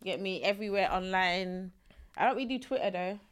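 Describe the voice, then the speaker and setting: A woman's voice: medium pitch, brisk, smooth. A woman from England, a guest on a podcast, talking in casual chat, frank and easygoing. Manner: laughs often, frank and easygoing.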